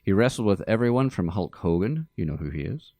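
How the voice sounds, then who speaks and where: A man hosting a casual movie podcast in a studio, talking in a dry, deadpan joking way. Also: sits low, brisk, dry recording. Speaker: podcast host.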